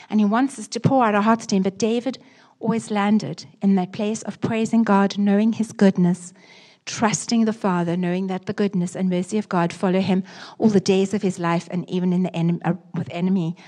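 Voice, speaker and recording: Woman pastor, husky tone, emphatic sermon delivery that sinks to hushed prayer. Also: medium pitch. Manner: expressive, shifting from lively emphasis to soft hushed prayer. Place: church.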